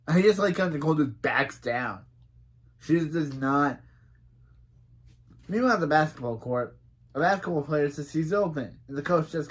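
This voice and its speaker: A man's voice: medium pitch, normal speed. A man giving casual reaction commentary as a show reviewer, recapping scenes in a chatty way, reading lines aloud and getting indignant.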